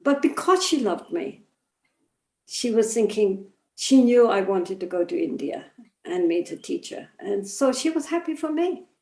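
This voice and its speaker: An older woman, a Buddhist teacher, answering questions in a gentle, thoughtful way, often pausing with "you know". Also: medium pitch, animated, roomy sound. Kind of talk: reflective spiritual teaching.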